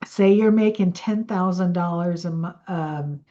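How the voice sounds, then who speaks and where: Slow, mellow-voiced woman coach. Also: on the low side, dull audio. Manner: chatty and rambling, with self-corrections. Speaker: money mindset coach. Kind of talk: casual teaching with a guided breathing exercise.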